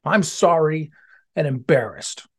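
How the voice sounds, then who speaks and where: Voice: medium pitch, lively intonation, a little slow, slightly rough. A reader voicing a young T-Rex who gets frustrated easily, in a storybook read-aloud with a childlike manner. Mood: sorry. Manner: childlike, whiny when upset.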